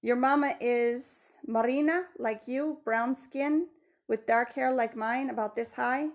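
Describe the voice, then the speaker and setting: Woman doing a bright, friendly young island girl. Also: a little high, slow, pitched above the performer's own voice. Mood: chatty.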